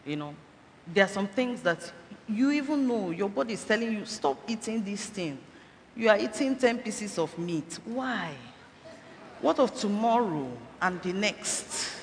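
A woman's voice: medium pitch, animated, measured pace. Woman exhorting in an echoey hall. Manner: exhorting, with rhetorical questions. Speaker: church speaker. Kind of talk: health talk in a sermon. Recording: echoey hall, faint background noise.

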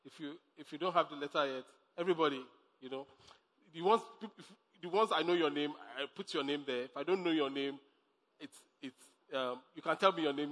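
A man preaches in a high, ringing voice, pressing his points by repeating them and laughing as he goes. His sermon carries a long hall reverb. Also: fairly bright tone. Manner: emphatic, repeats phrases, laughs often. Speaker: pastor.

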